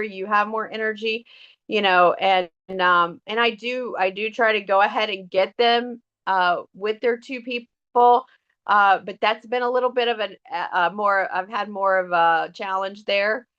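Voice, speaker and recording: A woman's voice: medium pitch, fairly bright tone, clear, resonant tone. A middle-aged woman, talking casually and earnestly to her sales team, with many fillers and restarts. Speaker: direct sales team member. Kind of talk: casual motivational talk. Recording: dull lo-fi audio.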